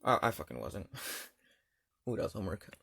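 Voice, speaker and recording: A man's voice: low-pitched, big pitch swings, a little slow, vocal fry, a bit bright, no echo, studio quality. Rambling young man telling a storytime. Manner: rambling and slangy, many fillers. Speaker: gaming channel storyteller. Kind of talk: casual storytime over gameplay.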